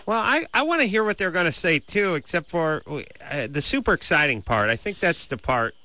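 A man hosting a call-in radio show from a studio, nasal and wordy, arguing his points in a deadpan way. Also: a little high, normal speed. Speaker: radio host. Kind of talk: late-night call-in radio banter. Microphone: studio mic.

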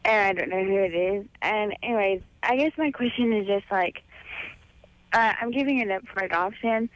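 A woman's voice: mid-range voice, normal speed, a little hiss or hum. A young woman calling a radio show, hesitant and full of likes and ums as she asks her question. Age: young adult. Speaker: caller. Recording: muffled phone line.

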